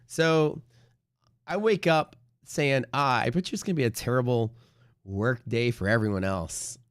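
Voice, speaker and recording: A man hosting a live day-trading stream, rambling casually with lots of swearing and sudden loud bursts of mock trader shouting. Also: mid-range voice, measured pace, no room sound, studio quality.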